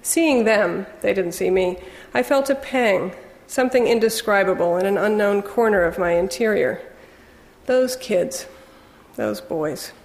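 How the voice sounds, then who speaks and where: A woman narrating a first-person novel in a wry, measured storytelling manner. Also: medium pitch, vocal fry, a little mellow, in a large hall. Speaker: audiobook narrator.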